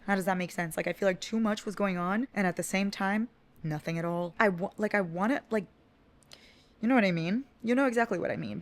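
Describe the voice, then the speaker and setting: Profane, excitable young man vlogger. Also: high-pitched. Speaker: book vlogger. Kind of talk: casual chat.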